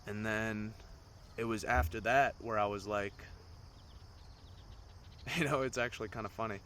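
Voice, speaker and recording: A man's voice: fairly low pitch, steady tone, a little slow, sharp tone, a little hiss or hum. A man in his twenties telling his own story on a solo podcast in a loose, rambling way, swearing often. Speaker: podcast host. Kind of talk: casual storytelling monologue.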